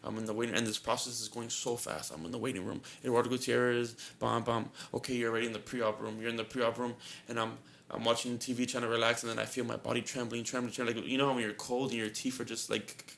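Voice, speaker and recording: A man's voice: mid-range voice, flat delivery, quick pace, creaky, few pauses, fairly bright tone, slight background noise. A young man on a podcast telling a story in casual chat, rambling and repeating himself with a lot of "like", sounding shaky and nervous. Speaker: podcast co-host.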